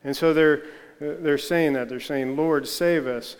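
A man preaching a conversational sermon to his congregation, halting often with restarts and fillers. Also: fairly high pitch, steady tone, smooth, big-room sound. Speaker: pastor.

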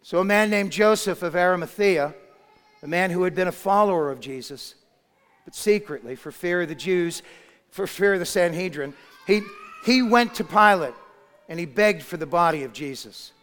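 A man delivering a dramatic sermon, his voice pitched high for a man. He moves between soft, hushed phrases and sudden shouted ones. The sound rings out with a long hall reverb. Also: expressive, normal speed. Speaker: preacher. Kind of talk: sermon storytelling.

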